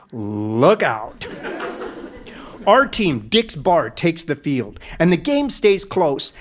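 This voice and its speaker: A middle-aged man telling a comic story in a grand, mock-epic manner. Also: high voice. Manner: mock-epic, dramatic delivery.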